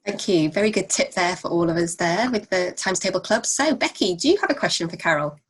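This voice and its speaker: Woman host, lowish husky voice, quick upbeat intros. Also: lively intonation. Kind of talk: hosting a Q&A.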